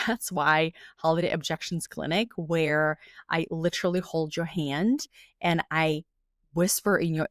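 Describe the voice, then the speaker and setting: A woman in her thirties talks through a solo podcast episode in a lowish, friendly voice. She is chatty and encouraging, coaching her listeners warmly. The sound is close and dry, with no room echo. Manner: chatty and encouraging, with frequent laughs. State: pregnant. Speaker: podcast host and dental business coach.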